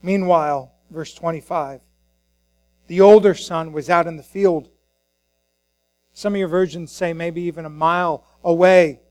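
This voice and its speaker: Male pastor, high voice, dry close sound, impassioned sermon delivery with acted-out scripture voices, faint music behind. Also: no echo, low-quality recording. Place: church.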